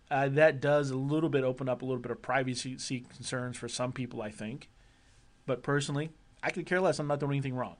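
A man with a mid-range voice talks fast as co-host of a casual gaming podcast. He rambles, jokes, and interrupts himself, with lots of fillers and restarts.

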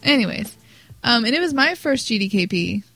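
A woman's voice: on the high side, big pitch swings, moderate pace, bright, forceful tone, faint music behind, poor audio. A woman co-hosting a casual gaming podcast, chatty and laughing as she tells stories. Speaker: podcast co-host.

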